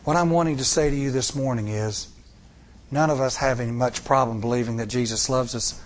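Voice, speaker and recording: A man's voice: mid-range voice, brisk. A middle-aged man preaching a sermon to a congregation, with repeated rhetorical questions and rising emphasis. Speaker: pastor.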